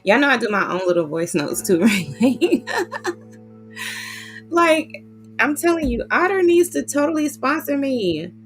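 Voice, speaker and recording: A woman in casual, animated chat, often addressing listeners as y'all. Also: high voice, moderate pace, soft background music. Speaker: vlogger reviewing a book.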